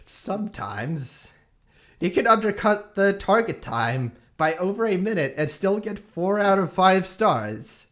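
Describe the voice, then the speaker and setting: A man's voice: high-pitched, very animated, unhurried, fairly bright tone. A man streaming, reading a long game review aloud with small hesitations.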